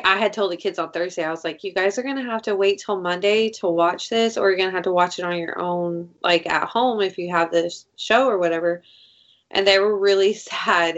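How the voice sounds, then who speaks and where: A woman with a lowish voice co-hosts a casual chat, telling stories animatedly, acting out quotes and swearing freely. The audio sounds dull.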